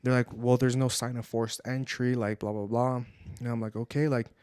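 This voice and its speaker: A man's voice: mid-range voice, normal speed, clean tone, dry recording, studio quality. Young man telling a story, lots of "like". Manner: animated, heavy use of "like", drops Spanish phrases. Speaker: podcast co-host. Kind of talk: casual storytelling. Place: home podcast setup.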